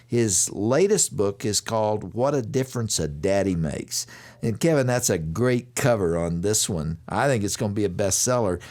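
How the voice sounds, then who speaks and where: A man's voice: fairly low pitch, lively intonation, normal speed, darkish tone. An older man hosting a radio interview, introducing his guest in an easygoing, affirming way. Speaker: radio host.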